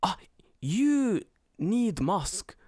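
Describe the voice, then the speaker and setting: A meddling old woman talks down to a stranger in a high, sing-song voice, stretching every word, as a man puts her on. Her tone is sweetly condescending. The voice sits close and dry. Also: big pitch swings, a little mellow, no room sound, heavily acted. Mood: patronizing. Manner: high sing-song, drawn-out patronizing speech. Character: nosy elderly Japanese woman in the street.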